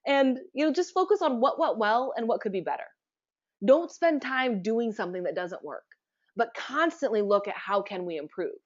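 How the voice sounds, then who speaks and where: A woman giving a conversational webinar presentation, chatty and relaxed, often asking her listeners rhetorical questions. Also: fairly high pitch, moderate pace, muffled recording.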